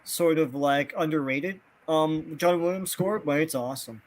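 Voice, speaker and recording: A man talking movies on a casual podcast call, halting and repeating words, laughing along often. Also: on the high side. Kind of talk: casual chat.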